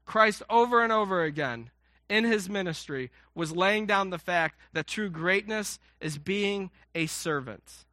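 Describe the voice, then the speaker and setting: A man's voice: sits high, lively intonation, a little slow, sharp tone, dry recording, studio quality. A man in his thirties preaching a sermon, conversational and self-mocking, often acting out quotes and asides. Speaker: pastor.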